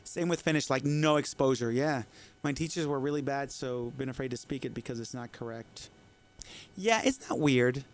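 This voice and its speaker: A man whose first language is Spanish, streaming and chatting casually with viewers in a rambling, opinionated, animated way. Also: mid-range voice, normal speed. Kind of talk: casual chat answering viewers.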